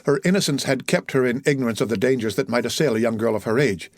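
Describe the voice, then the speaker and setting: Dry, measured male audiobook narrator. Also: medium pitch, no echo. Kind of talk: scripted narration of a classic novel.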